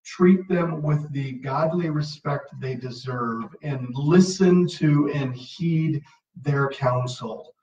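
A man's voice: fairly high pitch, slow, a little mellow. A man teaching verse by verse through the Bible as a pastor, earnest and emphatic, often repeating his key phrases. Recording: echoey, distant, dull sound.

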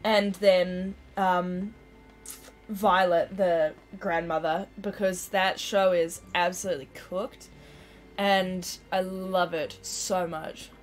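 A woman's voice: fairly low pitch, flat delivery, slow, soft background music. A woman hosting a game livestream, chatting casually and laughing often as she plays. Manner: giggly, chatty. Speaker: livestream host. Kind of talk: casual chat over gameplay.

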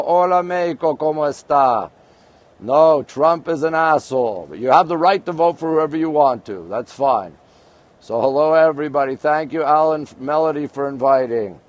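A man's voice: on the high side, dull audio. A man from Canada hosting a casual livestream outdoors at night, greeting viewers one after another and joking. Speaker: livestream host. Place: outdoors, overlooking a city skyline at night.

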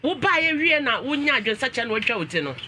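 Man, Ghanaian accent, talk show host, high voice, very bright tone, code-switching, exclamatory. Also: big pitch swings, quick pace, slight background noise. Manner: mixes English and Twi, exclaims often.

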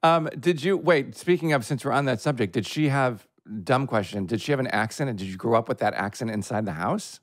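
A man co-hosting a casual podcast, excitable and quick to gush. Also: medium pitch, no room sound, studio quality. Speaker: podcast co-host.

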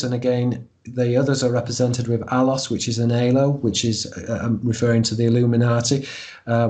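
A man speaks at a middle pitch, unhurried and explanatory. He hesitates often, filling gaps with soft ums as he works through ideas. He is a guest author in a podcast interview. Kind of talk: discursive interview talk.

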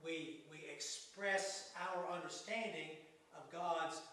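A male pastor preaching a sermon in a slow, folksy way, with humorous asides. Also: fairly high pitch, steady tone, sharp tone. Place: church sanctuary. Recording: echoey sanctuary, mic at a distance.

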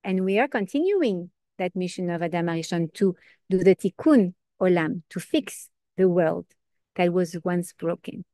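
A woman giving an informal Torah class, earnest and lively, asking questions and answering them herself. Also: lowish voice, normal speed, dry recording, clean studio sound. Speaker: Torah teacher.

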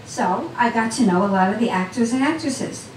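A woman's voice: fairly high pitch, lively intonation, moderate pace, slight background noise. Storyteller woman, chatty with the crowd, heard from far off in an echoey cafe with faint chatter. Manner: chatty, talks straight to the audience. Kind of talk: personal storytelling to a live audience. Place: small cafe event. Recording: roomy sound from a distant mic.

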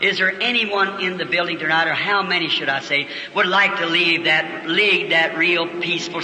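Earnest preacher in an echoey hall. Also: male voice, a little high, sharp tone. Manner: earnest storytelling, quoting others in his own voice, slowing into fervent prayer. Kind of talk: revival sermon and prayer. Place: church auditorium. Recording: old echoey hall recording with faint hiss.

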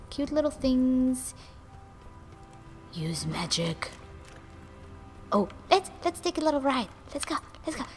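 A young woman hosting a gaming channel, giving casual let's-play commentary in an excitable, giggly way that jumps to squeals over little things. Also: a little high. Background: game music.

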